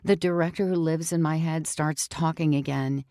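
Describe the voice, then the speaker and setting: A woman with a very low voice reads a first-person audiobook up close, tense and confessional, slipping into whispers. The sound is dry and intimate, with no room around it. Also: steady tone, normal speed, warm tone, no room sound. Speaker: audiobook narrator.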